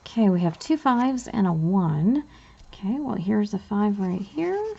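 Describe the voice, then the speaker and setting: Bubbly woman with a gravelly edge. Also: mid-range voice, unhurried, dull audio. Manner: bubbly, chatty, easily excited. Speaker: budgeting vlogger. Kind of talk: casual cash envelope walkthrough.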